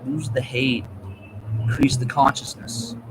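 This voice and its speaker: A man in a rambling, profane monologue that jumps between topics, swinging from low muttering to loud outbursts. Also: steady tone, measured pace, heavy background noise.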